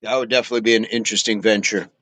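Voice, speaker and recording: A man's voice: lowish voice, steady tone, rapid-fire, a bit bright, no echo. A man hosting a casual fitness livestream, chatting playfully with viewers, laughing often and repeating his phrases. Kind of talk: casual livestream chat, reading viewer comments aloud.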